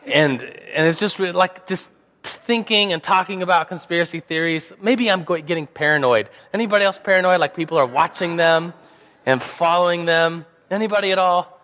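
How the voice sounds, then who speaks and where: High-pitched, bright and forceful, this young man speaks at a moderate pace despite a slight sore throat. In a reverberant church hall he delivers a relaxed Sunday school talk, full of rambling, jokes and filler words.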